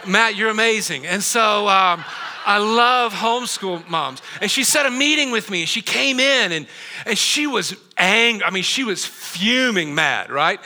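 A middle-aged man preaching a sermon in a church auditorium, his voice high and very bright. He tells his story in an animated way and keeps turning to the congregation with asides. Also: measured pace. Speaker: pastor.

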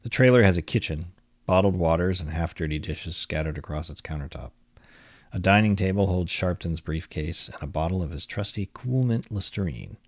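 Man, very low voice, dry close sound, measured literary narration, feature article read aloud. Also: dry recording. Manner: measured, literary storytelling delivery.

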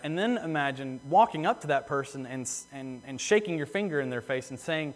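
Earnest preacher in a reverberant church. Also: male voice, mid-range voice, expressive. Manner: earnest, repeats phrases for emphasis, slows on key words. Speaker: pastor. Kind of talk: sermon. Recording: long hall reverb.

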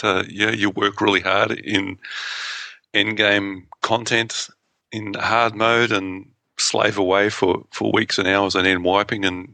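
Deep gravelly man co-hosting. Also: no echo. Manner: relaxed, hesitant, many ums and restarts. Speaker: podcast co-host. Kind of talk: casual podcast chat.

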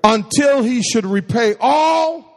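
With a very high voice and lively intonation, a man preaches slowly in a church sanctuary. Call-and-response and repeated phrases give his sermon emphasis, while the echoey hall adds long reverb.

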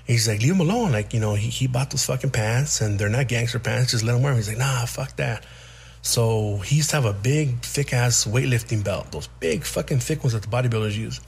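A man's voice: mid-range voice, fairly quick, creaky, hardly any pauses, breathy edge. A man in his forties, hosting a podcast, tells his childhood story unscripted, swearing a lot and restarting his sentences. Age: 40s. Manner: profane, rambling, frequent restarts. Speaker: podcast host.

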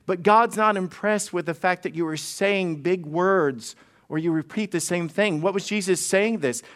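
A male pastor preaching a sermon in a conversational, humorous way, often restarting and repeating words. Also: sits high. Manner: conversational, frequent restarts and repetitions; humorous storytelling.

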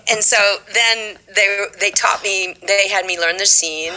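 A woman's voice: mid-range voice, normal speed, hardly any pauses, rough recording. A woman in her seventies from Texas, a stage actress and singer telling stories in an interview and acting out the voices of the people in them. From Texas, USA. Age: 70s. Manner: animated, acts out quoted voices in her stories. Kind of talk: storytelling in a conversational interview.

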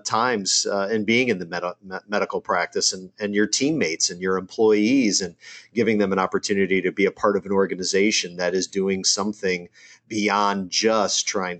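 A man's voice: sits low, a bit bright. A man hosting an interview who asks long, stumbling questions. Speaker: interview host. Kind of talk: casual conversational interview.

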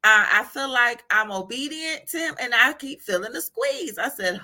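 A woman giving an informal devotional talk, animated, often laughing and asking "right?" as she encourages listeners. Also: on the high side, moderate pace, hardly any pauses. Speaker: faith encourager.

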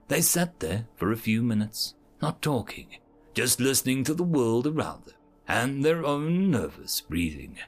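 A man narrating a science fiction story aloud in an even, descriptive reading style. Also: medium pitch.

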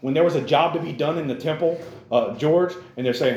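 A man's voice: mid-range voice, fast talker, a little mellow. Earnest male preacher in a roomy church. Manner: earnest and repetitive, keeps calling out to the listeners. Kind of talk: sermon to young people. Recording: roomy echo.

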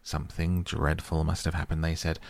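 A man voicing a cheerful, bold adult male otter telling his tale in a hearty, lively way. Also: extremely low pitch, moderate pace, vocal fry.

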